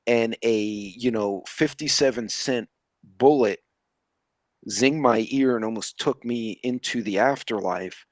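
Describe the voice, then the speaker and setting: A man's voice: mid-range voice, measured pace, dry recording. A man in a casual chat, telling stories with a wry, dry humor. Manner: wry, storytelling.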